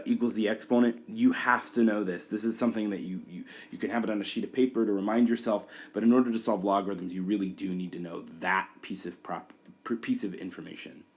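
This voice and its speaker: Low-voiced man teaching a math lesson. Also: a little mellow. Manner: talks through steps aloud, frequent fillers and restarts. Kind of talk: whiteboard math tutorial.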